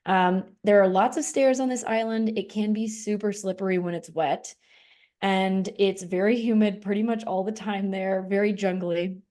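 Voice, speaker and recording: A woman's voice: medium pitch, moderate pace. Woman on a podcast chatting easy, lots of ums and likes. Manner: relaxed, many fillers and likes. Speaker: podcast co-host. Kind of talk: casual podcast chat.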